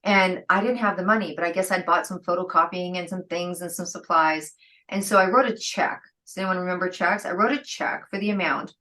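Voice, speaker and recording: Lively middle-aged woman telling stories. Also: lowish voice, brisk, low-quality recording. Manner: lively, acts out quoted dialogue, laughs often. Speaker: guest entrepreneur. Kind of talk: storytelling interview talk.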